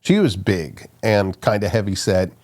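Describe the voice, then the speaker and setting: A middle-aged man, an archaeologist guest, telling stories in a casual interview, animated and quick to laugh. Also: on the low side. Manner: animated, laughs often, restarts sentences.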